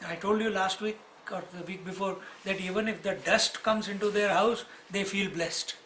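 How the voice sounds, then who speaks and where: A man, a swami teaching scripture in an explanatory, storytelling lecture with frequent pauses. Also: high-pitched, steady tone, a bit bright, slight background noise, rough recording.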